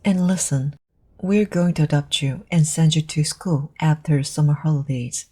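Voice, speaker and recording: A stern, no-nonsense middle-aged farm woman who speaks firmly and crossly, as a woman reading a storybook aloud puts her on. The tone is low and warm with a husky grain, and the reader's first language is Korean. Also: fairly even intonation, moderate pace. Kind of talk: audiobook reading of a novel.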